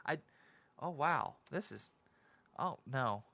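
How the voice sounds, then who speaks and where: A man hosting a casual solo talk show, rambling and excitable, often laughing at himself. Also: medium pitch, slow pace, gravelly, no echo. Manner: rambling, giggly, self-deprecating; excitable and animated. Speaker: podcast host.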